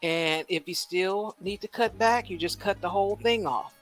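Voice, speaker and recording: A woman hosting a casual livestream, rambling and animated, firing off rhetorical questions and laughing at her own jokes. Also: mid-range voice, moderate pace. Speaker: livestream host. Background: faint music.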